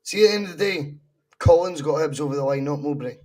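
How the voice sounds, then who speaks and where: A man's voice: on the high side, quick pace, a little mellow. A Scottish man in a casual football podcast chat, blunt and opinionated, swearing freely. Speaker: podcast co-host.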